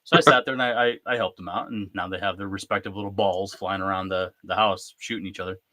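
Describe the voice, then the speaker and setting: A man in his thirties hosting a casual live-stream chat, talking in a lively, chatty way and acting out bits of family conversation. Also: low voice, fast, no echo. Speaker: host.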